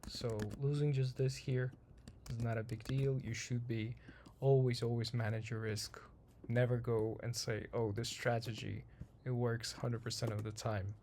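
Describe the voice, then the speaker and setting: Man, trading-channel host, slightly hoarse, dark gravelly tone, rambling delivery. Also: medium pitch, level tone, unhurried, a little hiss or hum. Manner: rambling, repeats himself, many ums. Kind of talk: casual chart walkthrough.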